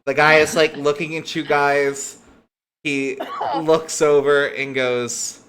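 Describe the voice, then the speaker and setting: A man's voice: mid-range voice, a little slow, a bit bright, a little hiss or hum. A man narrating as game master in a tabletop game, talking casually with plenty of fillers.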